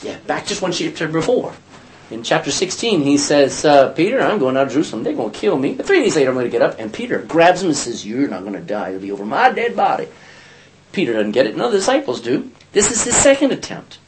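A man's voice: fairly high pitch, sing-song, fast talker, a little hiss or hum, low-quality recording. A man teaching a Bible study, asking his listeners questions and acting out scripture quotes in character voices.

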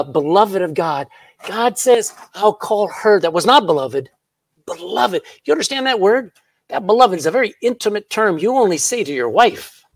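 Guy preaching, lively, readin bible verses, kinda high voice, dry close sound. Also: no room sound. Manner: animated preaching, reads scripture aloud, laughs at own jokes. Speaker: pastor. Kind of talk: sermon. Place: church.

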